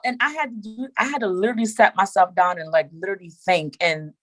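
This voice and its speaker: A woman talking as a podcast guest in casual chat, animated and emphatic, repeating her words for emphasis. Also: mid-range voice, fast talker, rough recording.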